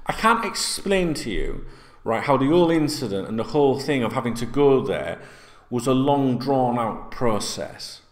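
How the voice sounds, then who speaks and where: An English man tells a long, rambling story straight to his viewers, calling them guys and swearing as he goes. His pitch swings widely as he acts out the conversation. The room around him is echoey. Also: lively intonation, normal speed. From England. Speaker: YouTuber telling a story. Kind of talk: casual storytelling to camera.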